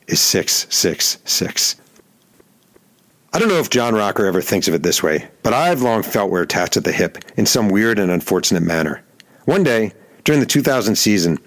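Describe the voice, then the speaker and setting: A middle-aged man narrating his own story as a podcast host, dry and deadpan, now and then shouting out quoted lines. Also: fairly low pitch. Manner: wry, deadpan narration with heated acted-out quotes. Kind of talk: scripted first-person storytelling.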